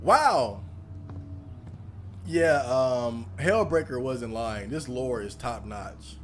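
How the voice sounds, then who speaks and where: Animated profane man doing game commentary. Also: mid-range voice, very slow, a little hiss or hum. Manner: animated, profane, laughing reactions. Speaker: gaming channel host. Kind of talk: let's play commentary.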